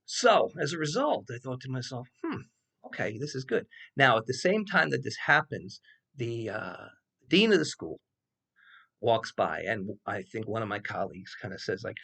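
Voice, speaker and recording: Animated older man telling a story. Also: mid-range voice, moderate pace, creaky, slightly rough. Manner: animated, acts out quoted voices, swears freely; loose and rambling with many fillers. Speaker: professor. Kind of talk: casual storytelling monologue.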